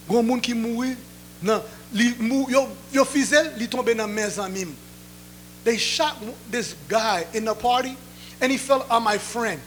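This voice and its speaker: A male pastor giving a sermon testimony, repeating each point in two languages and building to loud, emphatic bursts. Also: very high-pitched, a little hiss or hum. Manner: switches between Creole and English, repeating each point.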